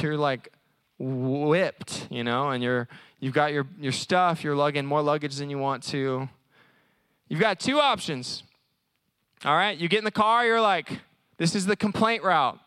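A man preaching at a college service in a conversational, animated way, often acting out little voices. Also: on the high side, smooth, no room sound. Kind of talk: sermon.

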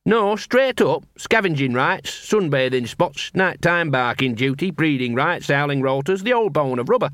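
A man's voice: on the high side, lively intonation, moderate pace, hardly any pauses, fairly bright tone, no room sound, studio quality. A male reader voicing a scruffy, cheeky male street dog who talks streetwise slang. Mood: cocky. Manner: streetwise, cocky, working-class slang.

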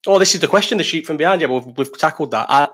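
A man's voice: fairly high pitch, racing, fairly bright tone, husky. A man hosting a casual live stream, reading chat questions, rambling, swearing and laughing.

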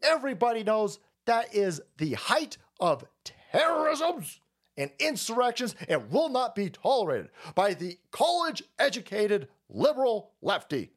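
Lively, foul-mouthed male streamer. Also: sits high, a little slow. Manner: profane, mocking, sarcastic; puts on whiny voices to mock opponents. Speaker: streamer host. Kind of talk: ranting political commentary stream.

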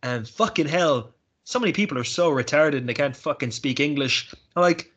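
A young man talks in a loose, sweary podcast chat. His voice sits a little higher than most men's. He rants and jokes his way through stories. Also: fairly bright tone, slightly rough. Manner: sweary, ranting, quick to laugh. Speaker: podcast host. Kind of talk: casual chat.

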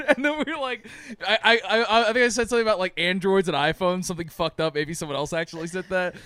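A man's voice: sits high, fast talker, few pauses, bright, forceful tone. A young man co-hosting a podcast, telling stories in casual chat, swearing freely and laughing often. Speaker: podcast co-host.

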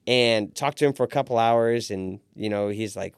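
With a fairly low, clear, resonant voice at a moderate pace, a forties-aged restaurant owner narrates his story as a podcast guest. He acts out quoted voices like an animated storyteller. The sound is clean studio quality with no room sound.

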